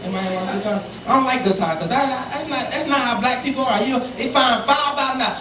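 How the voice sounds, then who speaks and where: A man's voice: extremely high pitch, fast talker, few pauses, noisy background. A teenage boy doing a stand-up comedy set in a club, telling stories and acting out the people in them. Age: teens. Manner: animated storytelling with many acted-out voices. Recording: echoey club from far off.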